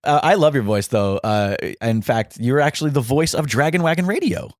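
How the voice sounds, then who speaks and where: A man from New York hosting a podcast, animated and fast-talking, chatting casually and laughing often. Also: mid-range voice, dry recording, clean studio sound. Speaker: podcast host.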